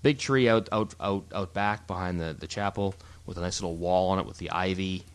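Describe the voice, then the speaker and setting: A man co-hosting a casual photography podcast, explaining in an animated, rambling way with frequent restarts. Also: low voice, a little fast, clean tone. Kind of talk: casual chat.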